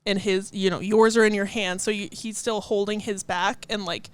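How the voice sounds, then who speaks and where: A woman's voice: medium pitch, fairly even intonation, normal speed, clear, resonant tone, no echo. A woman co-hosting a podcast, chatting casually with lots of giggles and rambling asides. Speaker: podcast co-host. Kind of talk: casual chat.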